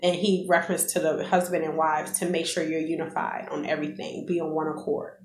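A middle-aged woman talks earnestly to her viewers in a casual, preachy vlog, her voice on the lower side. The room around her sounds echoey. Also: little pitch movement, brisk. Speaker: vlogger. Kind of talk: casual faith testimony.

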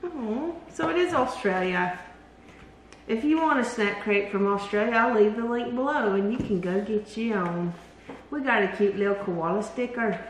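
A woman's voice: medium pitch, normal speed, far from the mic. A chatty woman with a Southern American drawl hosts a casual snack-tasting video. Her voice sits back from the mic in a bare, echoey room. There is a faint hum of room noise behind her. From Southern United States. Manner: chatty, bubbly. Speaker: channel host.

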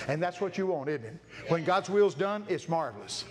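Lively high-pitched preacher. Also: male voice, normal speed, hardly any pauses. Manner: folksy, acts out voices, laughs often. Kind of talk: animated storytelling sermon. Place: church sanctuary. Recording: noisy live church recording.

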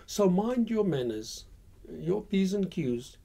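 A male history host tells his story casually, pausing on "uh" and "um" as he goes. His voice is mellow and warm and sits slightly high for a man. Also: big pitch swings, gravelly. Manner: conversational with frequent fillers.

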